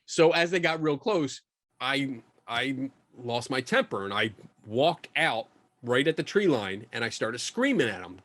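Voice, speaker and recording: Animated middle-aged man telling a story. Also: medium pitch, unhurried, no echo. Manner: animated, self-mocking storyteller who acts out his own quotes. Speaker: guest, skeptical paranormal investigator. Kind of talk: casual storytelling in a podcast interview.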